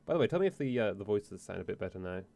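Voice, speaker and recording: A man streaming a video game, excitable and jokey, reading the game text aloud and commenting. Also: on the low side, rapid-fire, gravelly. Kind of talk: casual let's-play commentary.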